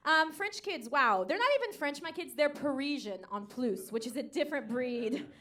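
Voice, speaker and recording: An American woman in her thirties works a live comedy stage on a handheld mic. Her voice sits high and bright, with a bold pitch that leaps up and down. She is brassy and sassy, chuckles at her own punchlines, and slips into voices. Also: lively intonation, normal speed. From United States. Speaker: stand-up comedian.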